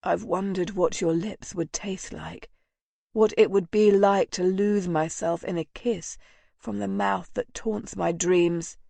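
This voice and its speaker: Tender gentleman marquis, hushed and intimate, voiced by a woman narrator; unhurried, dry sound. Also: fairly even intonation, vocal fry, no room sound. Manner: low, murmuring, intimate. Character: tender, ardent gentleman marquis, soft-spoken.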